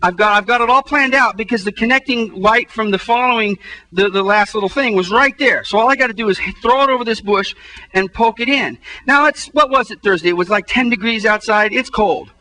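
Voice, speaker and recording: A man pastor telling a funny story in a sermon, animated, and his voice jumps up when he acts out his frustration. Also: high voice, fairly quick, rough recording.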